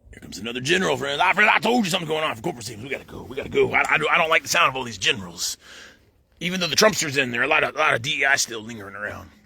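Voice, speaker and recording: Guy in middle age, quick and bouncy delivery, gravelly phone vlog rant outdoors. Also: medium pitch. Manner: says "friends" in nearly every line, rambling and excitable. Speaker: vlogger. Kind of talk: rambling monologue to camera.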